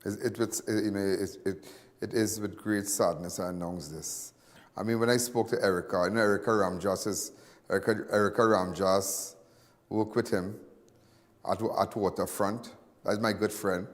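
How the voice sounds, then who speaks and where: A man's voice: on the low side, fairly even intonation, moderate pace. Man, Trinidadian accent, live news host, rambling and repetitive, reverberant sound. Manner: rambling and repetitive, in local dialect. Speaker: host of a crime news show. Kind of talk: emotional live commentary.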